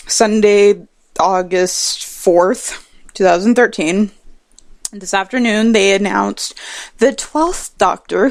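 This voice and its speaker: A woman's voice: mid-range voice, no room sound, studio quality. A young woman hosting a podcast alone, rambling and digressing in a casual, sarcastic, profane way while a bit tipsy. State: tipsy from drinking. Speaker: podcast host.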